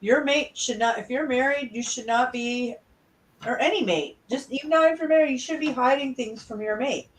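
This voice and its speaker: A woman's voice: high-pitched, moderate pace. A woman in casual chat, speaking emphatically and indignantly. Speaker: participant in a group chat. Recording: distant from the mic.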